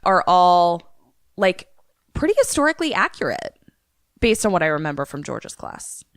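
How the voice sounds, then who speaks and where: A woman co-host retells a film plot in loose, casual chat, swearing freely. Her voice sits a little low and is recorded dry and close. She tells it like an animated storyteller. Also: normal speed, no echo. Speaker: podcast co-host. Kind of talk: casual movie recap chat.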